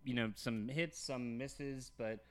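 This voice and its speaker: A man's voice: mid-range voice, fairly even intonation, slow pace. A man co-hosting a casual music podcast who gives brief, dry reactions and wry quips. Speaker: podcast co-host.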